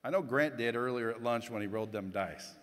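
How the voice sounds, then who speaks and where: A man's voice: medium pitch, brisk, a bit bright, a little hiss or hum. Blunt man speaking in a reverberant hall. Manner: blunt, casual, swears, addresses the crowd directly. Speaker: keynote speaker. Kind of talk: motivational keynote speech. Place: conference hall stage.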